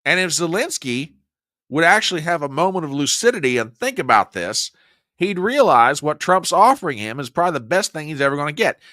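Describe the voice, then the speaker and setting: A man's voice: a little high, big pitch swings, a little fast, bright, forceful tone, dry recording, studio quality. A male political commentary host delivering combative, sarcastic news commentary, saying he gets worked up.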